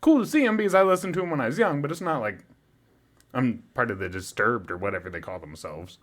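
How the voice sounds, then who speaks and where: In casual chat on a podcast he co-hosts, a young man tells a story fast in a medium-pitched voice. His manner is animated and sweary, full of laughter, and he gets loud doing a drunk fan.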